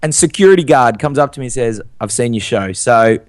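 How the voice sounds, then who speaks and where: A man's voice: medium pitch, expressive, brisk, no room sound, studio quality. A young man co-hosting a podcast, telling stories and reading listener reviews in an upbeat, enthusiastic way. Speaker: podcast co-host. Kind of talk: casual chat.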